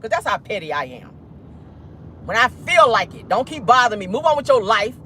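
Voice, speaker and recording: A sassy woman tells a story in a casual gossip vlog. Her voice swings from high to low as she talks. A faint hum of road rumble sits under her voice while she drives. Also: brisk. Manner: animated, sassy, swearing storyteller. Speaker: host. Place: in a car, driving.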